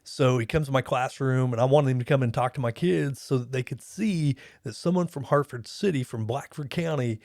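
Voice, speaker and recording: A man's voice: medium pitch, a little fast, few pauses, darkish tone, no room sound, studio quality. A man hosting a podcast, talking in an earnest, reflective, rambling way. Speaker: podcast host. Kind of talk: casual interview chat.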